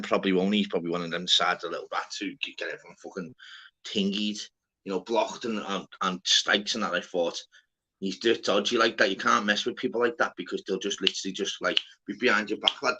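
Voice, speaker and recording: A man hosting a livestream in casual chat, retelling stories in an animated way, swearing and calling people "lad". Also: on the low side, husky. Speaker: livestream host.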